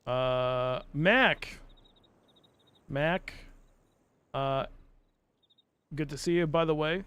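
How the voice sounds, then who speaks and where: A male streamer talks his way through a puzzle game in a slightly higher voice. He rambles, mocks himself and thinks aloud as he chats with his viewers. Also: very slow, a bit bright, clear, resonant tone. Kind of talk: casual live-stream commentary.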